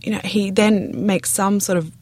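A woman's voice: mid-range voice, fairly even intonation, normal speed, darkish tone, no room sound. An Australian woman chatting as a guest on a film review podcast, laughing easily and restarting her sentences. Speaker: guest critic. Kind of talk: casual podcast chat.

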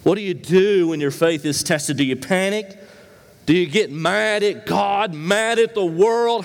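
A male pastor delivers an unhurried sermon in a fairly high voice. He presses his listeners with rhetorical questions, rising to emphatic peaks and dropping low and quiet. The sound carries a long church-hall reverb. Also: creaky.

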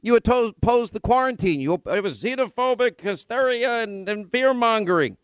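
A man hosting a political talk radio show from a remote broadcast location, firing off rapid rhetorical questions. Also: extremely high pitch, animated, smooth, no echo.

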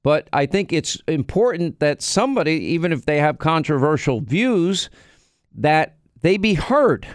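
Male American radio host, slightly high-pitched, emphatic and chatty, restarts his sentences, dry studio mic. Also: no echo. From United States. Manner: emphatic, conversational, frequent restarts. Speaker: radio talk show host. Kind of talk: talk radio monologue.

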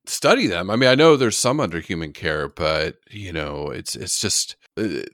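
Lively low-voiced man hosting a podcast. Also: normal speed, no room sound, studio quality. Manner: animated, emphatic, incredulous. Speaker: podcast host. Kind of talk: casual chat.

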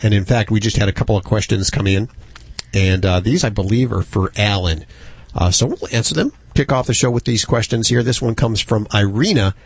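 A man's voice: fairly low pitch, brisk, husky, no echo. A man hosting a radio talk show, bantering and reading out contact details and listener questions. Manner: joking, offhand banter.

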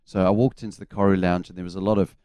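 A man's voice: deep voice, flat delivery, rapid-fire, warm tone, smooth, dry recording. A man in his forties with a New Zealand accent, a former cricketer telling laid-back anecdotes as a guest on a casual radio chat.

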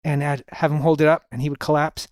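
A middle-aged man, a podcast guest, telling stories in a relaxed way and often saying "you know". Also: a little high, fast talker, no echo, studio quality. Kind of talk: casual storytelling conversation.

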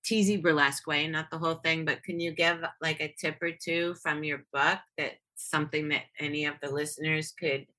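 A woman hosting a podcast, chatting excitably and rambling, swearing freely. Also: low voice, a little fast, hardly any pauses. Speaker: podcast host. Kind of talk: casual podcast chat.

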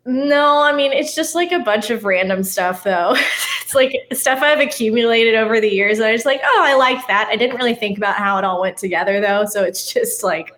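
A woman in casual conversation, relaxed and chatty, laughing often as she talks. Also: fairly high pitch, fairly quick. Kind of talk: casual chat.

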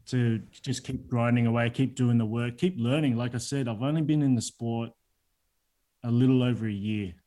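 A man's voice: medium pitch, steady tone, moderate pace, warm tone, slight background noise. A young man, a fighter, answering interview questions in a laid-back, easygoing way with lots of "like" and "you know". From Australia. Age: young adult. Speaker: guest, heavyweight Muay Thai fighter. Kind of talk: casual interview talk.

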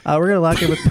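A man co-hosts a trivia podcast and thinks out loud in a casual, chatty way. His voice sits at a middle pitch. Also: slight background noise. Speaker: podcast co-host.

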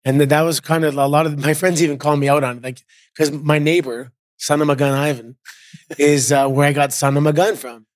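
Relaxed Canadian man telling stories. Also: a little high, fairly quick, dry recording, studio quality. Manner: relaxed storyteller, many fillers. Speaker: guest, former wrestler. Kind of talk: casual interview chat.

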